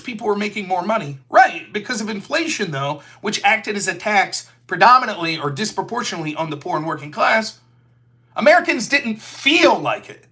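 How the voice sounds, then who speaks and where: A man's voice: sits high, bright, forceful tone. A man hosting a solo political commentary show, sarcastic and mocking, who slips into silly voices to mimic his opponents. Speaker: show host.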